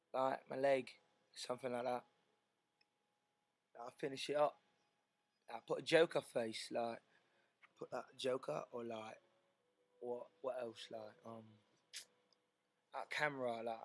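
A man's voice: medium pitch, no echo. A young man casually chatting with viewers on a livestream, thanking fans and talking to people around him. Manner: laid-back, talks to viewers and people in the room. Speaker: livestream host.

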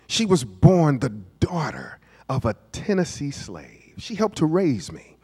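A man in his fifties preaching with a high, lively voice that leaps up and down as he quizzes his congregation. He drops to near-whispers, then bursts into shouts. The sound carries a long church-hall reverb. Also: unhurried, breathy edge. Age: 50s. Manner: emphatic preaching, questions to the congregation; swings from hushed asides to shouts. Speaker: pastor. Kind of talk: sermon. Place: church sanctuary.

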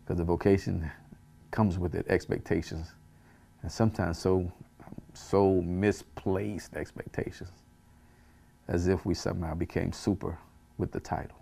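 A man's voice: sits low, fairly even intonation, unhurried, creaky, long pauses, mellow, slightly rough. A man, a pastor, teaching a Bible study in an earnest way, repeating phrases for emphasis and chuckling at himself.

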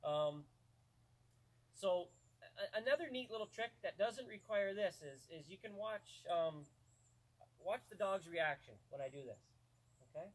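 A man's voice: sits high, animated, measured pace, long pauses. A man on a pro staff giving a casual dog-training lesson outdoors, plain-spoken and often checking in with "okay?". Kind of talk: casual outdoor instructional talk. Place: outdoors on a rural property.

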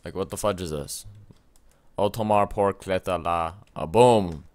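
A young man commenting on his gameplay, excitable and often shouting at the game with mild swearing. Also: low voice, normal speed. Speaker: let's play gamer.

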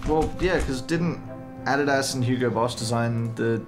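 A man's voice: medium pitch, moderate pace, music in the background. A young man chatting dryly and swearing casually while watching a friend play a game. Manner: dry, wry, swears casually. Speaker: co-host. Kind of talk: casual gameplay chat.

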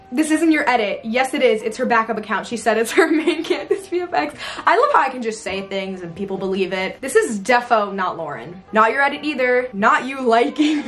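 A woman's voice: on the high side, a bit bright. A young woman chatting casually in a playful, self-mocking vlog. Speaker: video creator.

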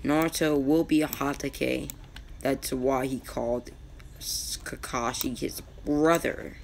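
A man narrating his own anime fan-fiction story in a casual, halting way, often restarting names and using slang. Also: mid-range voice, steady tone, creaky, a little hiss or hum.

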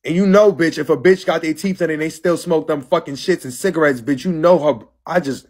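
A brash young man in his twenties goes off on a live stream, sassy and profane. His voice sits fairly high with a husky, breathy edge. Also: a little fast. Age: 20s. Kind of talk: casual live-stream rant.

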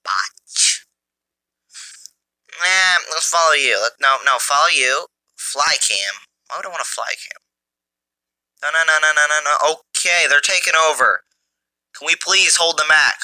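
A man giving mobile gameplay commentary through a phone's built-in mic, excitable and jokey, taunting his enemies. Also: on the high side, a little slow, pauses often, no room sound. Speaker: gamer.

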